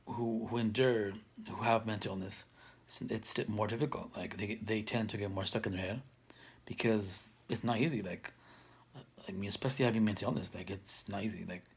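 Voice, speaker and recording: A man's voice: lowish voice, fairly even intonation, brisk, husky. A man in his thirties talking to camera for his own video channel, rambling with many restarts and fillers. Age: 30s. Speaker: vlogger. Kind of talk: casual talk to camera.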